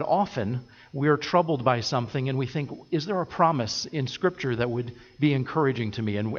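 A man preaching a sermon as pastor, earnest and steady, building his points through repeated phrases. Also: medium pitch, in a large hall, dull audio. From United States. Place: church sanctuary.

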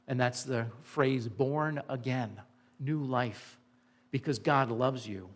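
A pastor from Indiana preaches a sermon slowly in a medium-pitched voice. He is earnest and emphatic, putting rhetorical questions to his listeners.

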